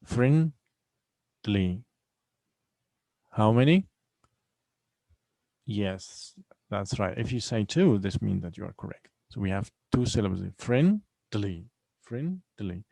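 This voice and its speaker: Male teacher, low gravelly voice, unhurried drilling delivery that repeats words syllable by syllable. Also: mellow, dry recording, poor audio. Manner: patient, repeats each word several times to drill pronunciation; breaks words into syllables and stresses them clearly. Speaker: English teacher. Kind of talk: recorded online lesson.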